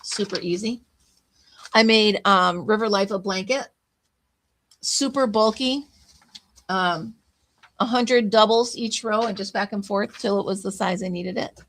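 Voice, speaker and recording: A chatty woman hosts a casual crafting livestream. She talks easily to her viewers and greets them by name as she pages through her notes. Her pitch sits in an ordinary middle range. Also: steady tone, a little slow, pauses often, a bit bright.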